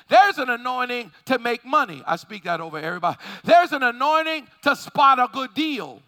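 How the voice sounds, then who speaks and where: A male preacher delivers a fervent sermon with a strikingly high, very bright voice. His pitch leaps and falls in lively swings, rising into shouts as he calls for the congregation's response.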